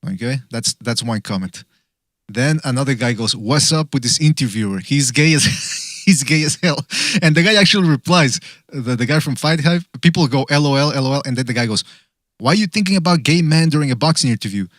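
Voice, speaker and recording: A man's voice: mid-range voice, animated, brisk, a bit bright, dry recording. A man hosting a casual boxing podcast, swearing freely and reading viewer comments aloud with laughter. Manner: loose, profane, reads comments aloud with laughs. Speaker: podcast host.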